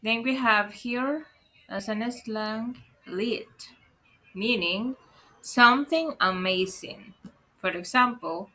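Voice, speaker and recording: Bright, unhurried woman, teaching an online English lesson and checking in with her viewers. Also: on the high side. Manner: explains patiently, asks "right?" often, calls viewers "guys".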